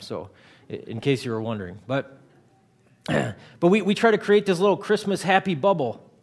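A man's voice: a little high, a little mellow. A man in his thirties, a pastor giving a conversational sermon, often repeating words as he starts a thought.

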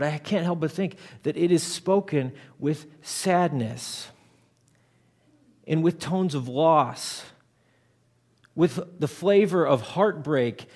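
Man in his thirties, pastor, casual sermon delivery with a touch of a higher pitch and frequent restarts. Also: a little mellow. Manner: conversational, repeats words when starting a thought.

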